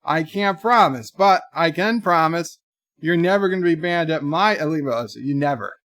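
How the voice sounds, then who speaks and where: A man hosting a casual livestream, rambling through deadpan joke answers to viewer messages in a put-on mock accent. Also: fairly high pitch, moderate pace, dry recording, studio quality. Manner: rambling, jokey deadpan nonsense. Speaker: livestream host.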